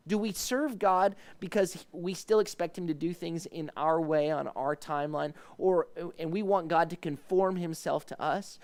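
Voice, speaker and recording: Gravelly, smooth-voiced male pastor teaching. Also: fairly even intonation, moderate pace, hardly any pauses, a little mellow. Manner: explains Hebrew words, rises in pitch when voicing pleading questions. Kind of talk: devotional Bible teaching. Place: ministry livestream.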